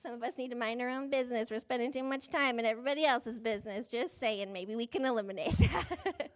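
Speaking fast in a fairly high voice, a woman pastor gives a chatty sermon in a conversational style. She pokes fun at herself, uses "like" frequently, and breaks into laughter mid-sentence.

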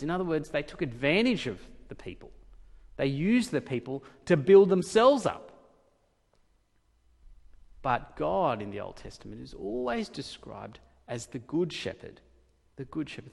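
A man preaching a sermon, emphatic and repeating key phrases, dropping to a hush and then rising again. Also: a little high, creaky. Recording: long hall reverb.

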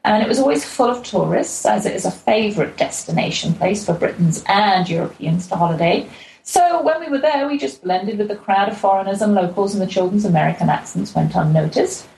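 A woman's voice: medium pitch, expressive, a little fast, vocal fry, a little mellow. A middle-aged woman, originally from England, telling a chatty, lightly humorous travel diary as a show host. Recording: roomy echo with faint ambient noise.

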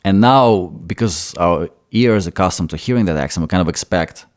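A man with a Russian accent and a very low voice, speaking as a guest in a relaxed interview. He thinks aloud and often circles back to restart a phrase before finishing his point. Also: fairly quick. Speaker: actor guest. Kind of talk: casual interview chat.

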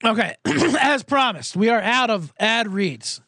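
On a live podcast, a solo host in a small booth chats casually about sports betting, rambling, swearing, and poking fun at himself. His high-pitched voice is expressive and sharp, a little slow. The dry studio-quality sound comes from a studio microphone.

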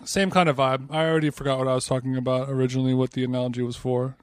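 A man's voice: mid-range voice, little pitch movement, very fast, clean tone, dry recording, studio quality. A man co-hosting a podcast in casual banter, joking and rambling off on tangents. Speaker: podcast co-host.

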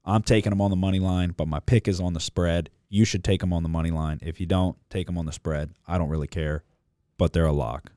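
A man's voice: low voice, steady tone, brisk, warm tone, no room sound, clean studio sound. A man co-hosting a casual sports betting chat, blunt and profane, rambling through his picks with lots of fillers.

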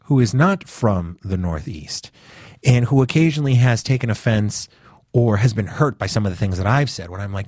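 A man's voice: lowish voice, lively intonation, moderate pace, a little mellow, no room sound, clean studio sound. A man from the northeastern United States hosting a podcast, talking casually and rambling with lots of fillers and restarts. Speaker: podcast host.

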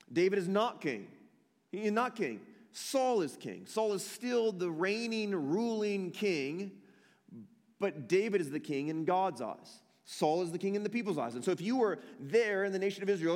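A man's voice: high voice, a little mellow, in a large hall. A male pastor preaching a sermon, telling a story with emphasis and repeating key phrases.

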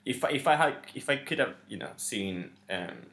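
A man's voice: mid-range voice, expressive, normal speed, vocal fry, a bit bright. A man co-hosting a podcast, chatting casually with frequent ums and restarts. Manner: chatty, organized, hesitant with many ums. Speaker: podcast co-host. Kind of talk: casual chat. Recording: roomy echo.

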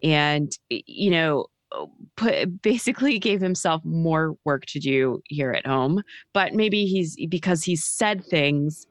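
A woman co-hosting a casual political chat show, wry and unhurried, often trailing off with fillers. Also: deep voice, animated, dry recording, clean studio sound. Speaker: podcast co-host.

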